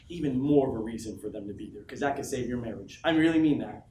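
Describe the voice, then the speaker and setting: A man giving a motivational speech to his team, emphatic and swinging from low, intimate lines to loud, shouted questions he keeps repeating. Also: quick pace, slight background noise. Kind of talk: motivational speech to a live audience. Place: large office room with an audience. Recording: echoey room from a distance with faint ambience.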